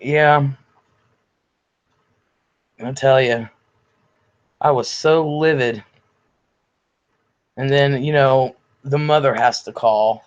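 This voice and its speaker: A man's voice: medium pitch, fairly even intonation, slow, pauses often, clean tone. An older man hosting a casual livestream from home, reading viewer comments aloud in a chatty, blunt way, swearing freely and sounding a bit congested from illness. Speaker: livestream host. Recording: slightly dull lo-fi audio.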